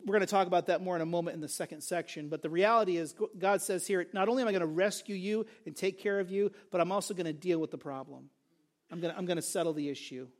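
A male pastor preaching a sermon, earnest and emphatic, repeating key phrases for stress. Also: high-pitched.

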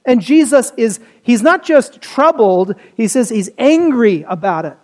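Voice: medium pitch, expressive, brisk, few pauses, a little mellow. A pastor preaching a sermon in a conversational way, often checking in with the listeners with "right?" and "you know".

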